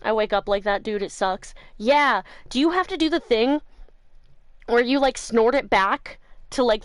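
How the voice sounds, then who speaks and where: A woman streamer with a slightly high, stuffy, congested voice, chatting loosely with her viewers from home. She swears freely and laughs a lot. The sound is dry and close on her mic. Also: clean tone, dry recording. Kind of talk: casual chat with live viewers. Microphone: new desk mic.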